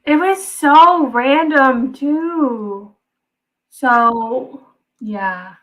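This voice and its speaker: A woman's voice: high-pitched, lively intonation, extremely slow, a bit bright, rough recording. A young woman co-hosting a casual recap podcast, hesitant and trailing off at the end of her points. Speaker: podcast co-host.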